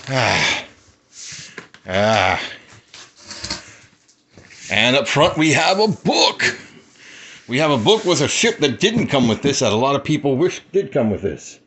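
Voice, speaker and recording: Male toy collector, lively pitch, excitable and rambly, chuckling often, cellphone-recorded home unboxing. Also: takes it slowly, long pauses. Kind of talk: casual unboxing vlog. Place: cluttered apartment room. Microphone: handheld cellphone.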